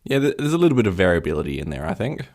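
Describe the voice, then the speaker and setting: Low gravelly-voiced male podcast co-host. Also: very animated, racing, a little mellow. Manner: curious, analytical, asks questions. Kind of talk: casual chat.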